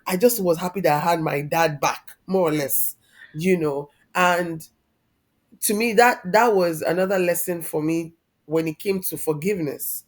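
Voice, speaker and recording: A woman in her thirties with a fairly low voice. She tells a personal story as a podcast guest, openly and reflectively, her feeling close to the surface. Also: moderate pace. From Nigeria. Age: 30s. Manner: heartfelt, reflective, openly emotional.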